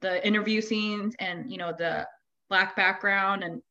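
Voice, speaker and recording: A woman's voice: mid-range voice, a little slow, dull audio. A woman guest on a podcast, chatting animatedly from home and acting out what people said. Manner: animated, quotes people in lively bursts. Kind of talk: casual pop culture chat. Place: home with dogs nearby.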